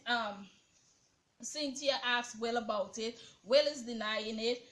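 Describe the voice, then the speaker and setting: A woman's voice: high voice, a bit bright. A woman giving casual, sassy, emphatic commentary in a TV review vlog. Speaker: reality TV reviewer.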